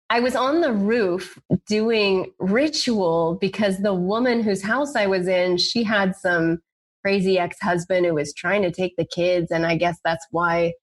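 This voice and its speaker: Woman, lower voice, emotional storyteller, casual and candid. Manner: emotional, candid, lots of "like" fillers. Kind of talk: personal storytelling.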